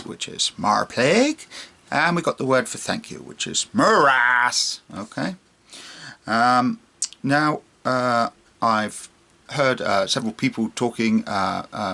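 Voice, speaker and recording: A man's voice: lowish voice, gravelly, sharp tone, husky. A man teaching a casual online language lesson, repeating words and checking in with "okay?" after each one. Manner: chatty and informal, with many fillers.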